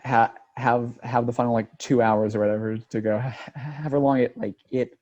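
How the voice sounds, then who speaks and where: A man's voice: medium pitch, steady tone, normal speed, a little mellow, lo-fi sound. Rambling young man on a podcast. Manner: rambling, lots of fillers and repeated yeahs. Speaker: podcast co-host. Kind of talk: casual chat.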